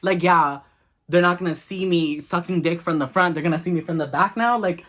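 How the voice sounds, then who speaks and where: Bright-voiced, blunt young man telling a story. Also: a little high, fairly quick. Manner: blunt, crude and animated, swearing often. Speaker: vlogger. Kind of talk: casual storytime monologue.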